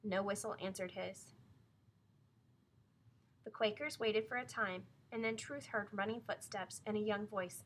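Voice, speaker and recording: A woman narrating a novel aloud in a clear, measured storytelling manner. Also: mid-range voice, fairly even intonation, a bit bright, slight background noise. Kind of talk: audiobook reading of a novel.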